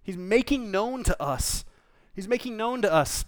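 A man's voice: high-pitched, expressive, a little slow. A man, a pastor, preaching a conversational sermon in an earnest, informal way, often restarting and repeating words.

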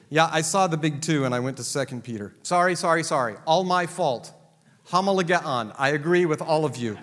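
A male pastor preaching a sermon, animated, acting out dialogue and laughing often. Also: on the high side, brisk. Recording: long reverb in a large hall.

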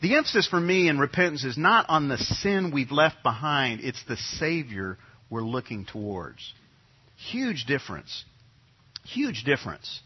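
A man's voice: on the high side, expressive, moderate pace, slightly rough. A middle-aged man from New York preaching a sermon as pastor, talking in a conversational way and repeating his key phrases. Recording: dull lo-fi sound.

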